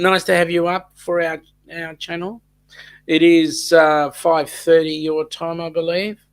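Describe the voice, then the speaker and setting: A man with an Australian accent chats to his livestream viewers at an unhurried pace, filling gaps with ums and trailing restarts. His voice sits a little high for a man and has a gravelly edge. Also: fairly bright tone. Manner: rambling, many ums and restarts. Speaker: livestream host. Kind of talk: casual live chat reading viewer comments.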